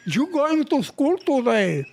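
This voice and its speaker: A stern, no-nonsense mother, voiced by an older man who scolds in a raised, sharp voice. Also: very high voice, big pitch swings, slow pace, pitched above the performer's own voice, heavily acted. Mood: scolding.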